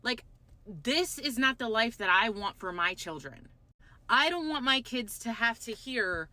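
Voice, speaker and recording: A woman's voice: on the high side, animated, unhurried, sharp tone. An American woman speaking emphatically with frustration, swearing and apologizing for it. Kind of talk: frustrated monologue clip.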